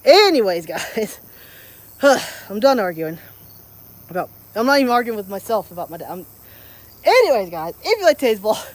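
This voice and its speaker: A woman's voice: mid-range voice, big pitch swings, moderate pace, pauses often. A young woman walking and talking through her garden for her daily vlog, rambling and chatty with lots of "like". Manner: rambling, chatty, frequent "like" fillers. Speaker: daily vlogger. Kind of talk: casual walk-and-talk vlog. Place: outdoors in a garden. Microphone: handheld camera while walking.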